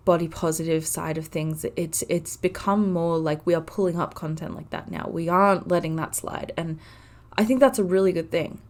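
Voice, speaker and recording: A woman in her twenties hosting a casual solo podcast, talking earnestly and from the heart with frequent "like" fillers. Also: on the low side. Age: 20s. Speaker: podcast host.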